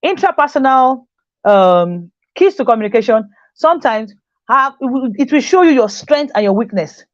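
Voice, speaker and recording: A woman's voice: high voice, lively intonation, moderate pace, no echo. Woman teaching life skills, repeating points. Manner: repeats key phrases for emphasis, acts out quoted voices. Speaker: teacher giving a talk. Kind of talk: motivational talk to a group. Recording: dull, dry lo-fi recording.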